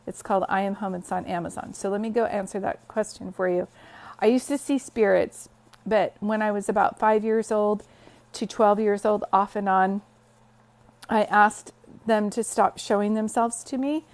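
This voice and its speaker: A woman's voice: mid-range voice, fairly even intonation, moderate pace, a little mellow. A woman hosting a casual phone livestream from her bed, greeting viewers and telling stories in a chatty way. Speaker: psychic medium livestream host. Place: bedroom, sitting on bed.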